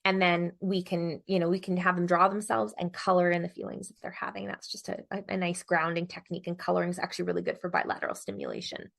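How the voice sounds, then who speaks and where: A woman's voice: lowish voice, animated, fast, vocal fry, few pauses, fairly bright tone. A middle-aged woman giving a parenting webinar as a psychologist, chatty and informal, with many fillers and self-corrections.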